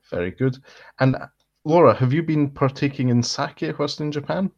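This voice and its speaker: A man's voice: a little high, normal speed, vocal fry, highs cut off. A man hosting a podcast who asks brief, polite questions. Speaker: podcast host. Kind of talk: casual chat.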